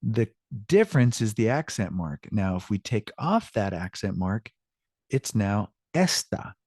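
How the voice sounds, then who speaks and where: A man teaching a language class online, encouraging and quick to repeat praise. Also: fairly low pitch, lively intonation, darkish tone, no room sound, clean studio sound. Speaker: Spanish teacher.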